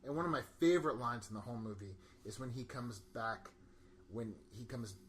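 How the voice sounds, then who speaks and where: Excitable rambling man chatting about movies. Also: mid-range voice, fairly quick. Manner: rambling, excitable, laughs often, quotes film lines. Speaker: podcast co-host. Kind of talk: casual movie discussion.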